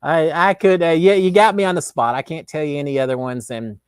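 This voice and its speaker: Speaking quickly in a fairly high, steady voice, a middle-aged Texan hosts a relaxed live chat. He rambles through viewer questions, full of restarts and filler words. The tone is clean, with studio quality and no echo.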